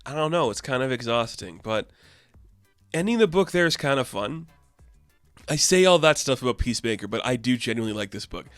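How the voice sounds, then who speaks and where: A man's voice: medium pitch, animated, brisk, fairly bright tone, no room sound, faint music behind. A young man casually reviewing a comic book, rambling with lots of "like" and acting out the characters. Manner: rambling, frequent "like", acts out characters. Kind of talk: casual chat.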